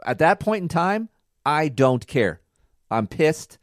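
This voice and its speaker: Speaking slowly in a fairly high voice that swings widely in pitch, a man lectures his way through blunt, foul-mouthed advice while co-hosting a relaxed couples podcast. It's a dry, studio-quality recording.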